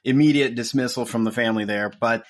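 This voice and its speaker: A man's voice: medium pitch, steady tone, fast talker. A man in his late forties from Iowa, a podcast guest telling stories about his background in a plainspoken, casual way. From Iowa, USA. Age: late 40s. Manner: plainspoken, storytelling. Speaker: revenue executive, podcast guest. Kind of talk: casual interview chat.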